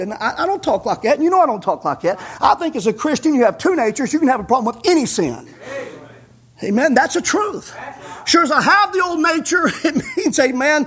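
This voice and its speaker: A man preaching a sermon in a folksy way, chuckling, dropping in "amen" and rising to shouts. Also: very high voice, lively intonation, brisk. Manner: punctuates with "amen".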